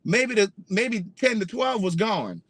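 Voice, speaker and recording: Indignant storytelling man, raised pitch. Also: lively intonation, measured pace, a bit bright, dry recording. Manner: emphatic, indignant, profane storytelling; addresses viewers directly. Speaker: vlogger. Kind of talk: casual storytelling to camera.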